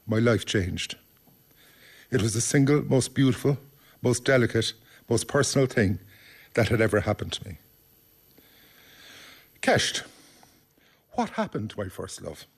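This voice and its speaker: Male reader, mid pitch, tender nostalgic scripted reflection.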